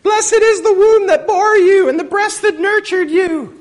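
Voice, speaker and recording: A man voicing an excited woman who shouts out from a crowd, shrill and ecstatic. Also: measured pace.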